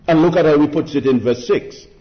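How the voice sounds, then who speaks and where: A man preaching an expository sermon, deliberate and emphatic, asking his listeners rhetorical questions. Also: fairly high pitch. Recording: dull lo-fi recording.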